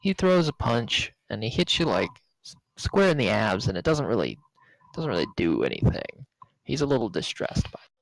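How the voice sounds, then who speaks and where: A man running a tabletop role-playing game, narrating the action in a relaxed, casual way. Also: mid-range voice, moderate pace, gravelly, no room sound, rough recording. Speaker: game master.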